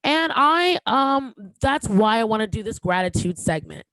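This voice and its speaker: A woman's voice: on the high side, expressive, a bit bright, no room sound, low-quality recording. A woman in her thirties hosts a podcast in a casual, candid way. She stops and restarts often and gets emotional, with a joke now and then. The recording is dry and close. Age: 30s. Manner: emotional, halting, many fillers and restarts; candid and joking. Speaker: podcast host.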